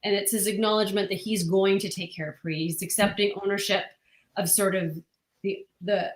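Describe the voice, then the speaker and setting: A woman's voice: mid-range voice, fairly even intonation, fairly quick. Earnest woman writer in an echoey room. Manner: earnest, explains at length with many restarts. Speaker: comic book writer. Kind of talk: interview answers.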